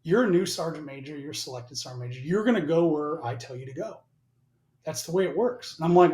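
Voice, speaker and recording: A man's voice: fairly high pitch, lively intonation, fairly quick, dark tone. A man in his forties, a podcast guest, telling a story in a casual, profane way and acting out both sides of each conversation. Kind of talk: casual storytelling with acted-out dialogue. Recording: roomy echo.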